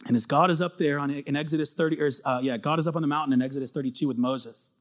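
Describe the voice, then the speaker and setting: A man preaching a sermon, retelling scripture as animated, dramatic storytelling that climbs toward near-shouting. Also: a little high, racing.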